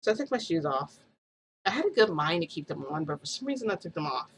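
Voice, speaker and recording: A woman's voice: low voice, big pitch swings, fast talker, a little hiss or hum, poor audio. A young woman vlogger casually telling a story in a chatty, giggly way, full of quoted dialogue.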